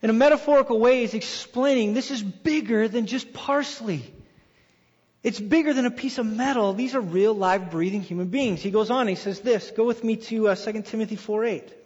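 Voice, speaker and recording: High-voiced man preaching in a hall. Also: moderate pace, slightly rough. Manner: animated storytelling, acts out quoted voices. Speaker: pastor. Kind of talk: sermon. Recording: dull reverberant hall sound.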